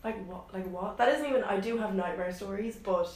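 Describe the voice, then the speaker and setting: A woman's voice: medium pitch, a little fast, far from the mic. A young Irish woman telling dating stories in casual chat, acting out what people said. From Ireland. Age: young adult. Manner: animated storytelling, acts out quotes. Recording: echoey room, faint noise.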